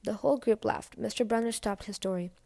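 A woman's voice: medium pitch, fairly quick, creaky, dark tone, no room sound. A woman reading a novel aloud in a casual, first-person storytelling way. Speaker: audiobook reader.

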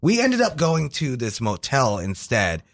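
A man's voice: mid-range voice, huge pitch swings, a little slow. A man co-hosting a casual radio show, telling rambling stories and laughing often. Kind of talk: casual banter and storytelling.

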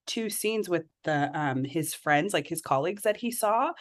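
A woman's voice: on the low side, animated, normal speed. A young woman guest in a casual podcast chat, enthusiastically retelling scenes with quoted lines.

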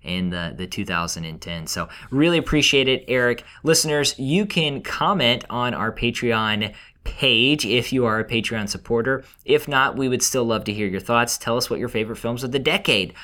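Bright-voiced male podcast co-host. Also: medium pitch, moderate pace, few pauses. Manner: upbeat, laughing easily. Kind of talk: casual film discussion.

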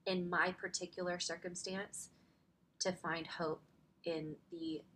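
A woman's voice: lowish voice, level tone, slow, a bit bright, a little hiss or hum. A woman in her thirties telling a personal story in a faith podcast conversation, chatty and full of "like", close to tears at times. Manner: chatty, fills speech with "like". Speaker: podcast guest.

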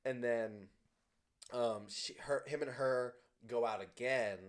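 A man's voice: medium pitch, slow. A man on a casual movie review podcast, animatedly retelling the plot and acting out the characters' lines. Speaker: podcast co-host.

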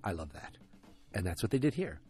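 A man's voice: low voice, big pitch swings, a little fast, a little mellow, faint music behind. A man casually recapping a TV episode, ranting, swearing and drifting off on tangents.

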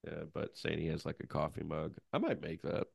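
A man's voice: expressive, fairly quick, gravelly, no echo, studio quality. A man co-hosting a podcast, chatting casually and joking. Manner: joking, breaks into high mocking bits. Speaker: podcast co-host. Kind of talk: casual chat.

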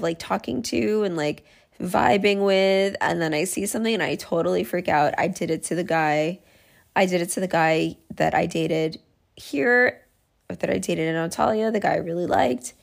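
This woman's voice sits lowish and creaky. Hosting a solo podcast, she speaks candidly and pokes fun at herself while thinking out loud.

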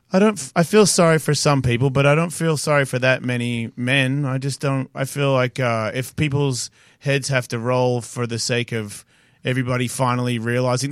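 A man's voice: medium pitch, a bit bright, no echo, clean studio sound. A man in his forties with an Australian accent, a podcast guest telling rambling stories in a blunt, profane way. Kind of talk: casual chat.

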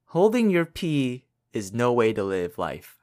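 A man's voice: mid-range voice, wildly swooping pitch, measured pace. Playful man hosting a podcast quiz. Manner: playful, teasing, bursts into loud laughing outcries. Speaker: podcast co-host running a quiz. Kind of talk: casual chat.

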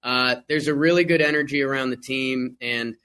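Bright, animated male sports-podcast guest. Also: mid-range voice, clean tone. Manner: animated, quick restarts. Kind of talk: casual sports chat.

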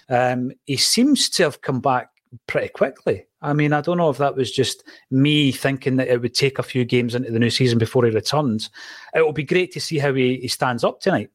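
A man's voice: mid-range voice, fairly quick, dry recording, clean studio sound. A man hosting a casual football podcast and telling chatty anecdotes. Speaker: podcast host.

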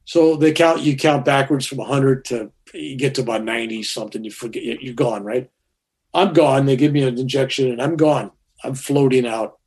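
A man's voice: mid-range voice, moderate pace, a little mellow. Rambling older man telling a story. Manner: rambling, conversational, many fillers and restarts. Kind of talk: personal storytelling.

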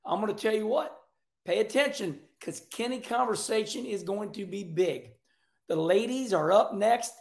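A middle-aged man hosts a casual racing talk show, animated and folksy with loud outbursts. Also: high-pitched, moderate pace, vocal fry. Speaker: show host. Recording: echoey room.

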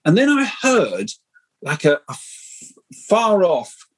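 A middle-aged man telling animated, rambling stories as a guest in a casual podcast interview. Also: high voice, takes it slowly, slightly rough, low-quality recording. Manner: animated, rambling anecdotal storytelling. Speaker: guest screenwriter.

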